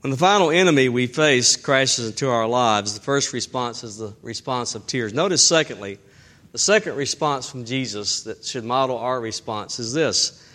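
A middle-aged man preaching a sermon as pastor, emphatic and slowing down to stress key phrases. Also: mid-range voice, sharp tone.

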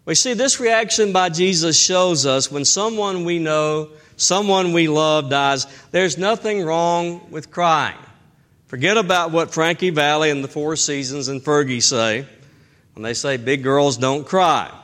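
A middle-aged man preaching a sermon as pastor, emphatic and slowing down to stress key phrases. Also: a little high, fairly bright tone.

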